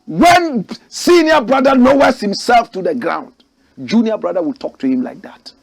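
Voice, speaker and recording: A man's voice: high-pitched, big pitch swings, normal speed, gravelly. A Ghanaian man hosting a political commentary show, preaching in rhetorical, outraged bursts. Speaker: host.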